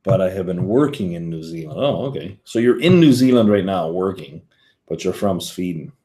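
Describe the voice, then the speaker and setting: A man's voice: sits low, animated, moderate pace, warm tone. A man hosting a whisky livestream, rambling casually and answering viewer comments as he reads them. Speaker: whisky show host.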